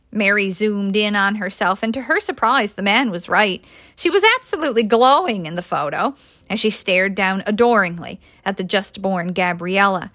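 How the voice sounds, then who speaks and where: A woman, a published author, reading an audiobook aloud in a lively, expressive way. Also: mid-range voice, moderate pace, no echo, clean studio sound. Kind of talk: audiobook narration.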